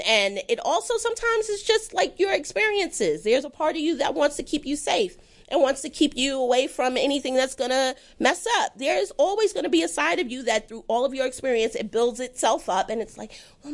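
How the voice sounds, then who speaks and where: A woman chats casually as a guest in an interview, talking fairly quickly. She's animated and self-deprecating, and she often leaps into high, mimicking voices.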